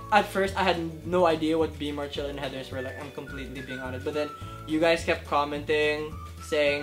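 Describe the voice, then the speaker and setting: A man in his twenties answering viewer questions to camera, excitable and gushing, with faint music behind. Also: on the high side. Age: 20s. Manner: excitable, gushing, lively swings in loudness. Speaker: YouTube creator. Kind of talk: casual Q&A vlog to camera. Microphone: camera in front of him.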